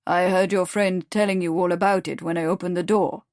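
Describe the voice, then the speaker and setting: A woman's voice: fairly low pitch, brisk, no room sound, studio quality, natural voice. A woman reading the lines of a cold, mocking male Russian secret police agent in an audiobook. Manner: calm, sneering, clipped.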